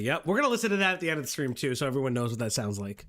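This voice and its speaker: A streamer reacting to a video with loud, crude, excitable outbursts. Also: medium pitch, quick pace.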